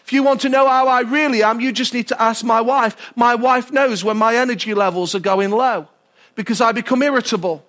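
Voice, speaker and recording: A male pastor preaching a sermon, animated and often asking the congregation questions. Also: very high voice, fairly quick.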